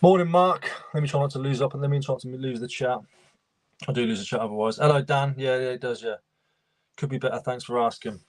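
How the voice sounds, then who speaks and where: A man's voice: medium pitch, fast, no echo. Chatty man on a livestream. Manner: chatty, greets viewers by name, calls people mate. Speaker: reseller livestream host. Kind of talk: casual livestream chat.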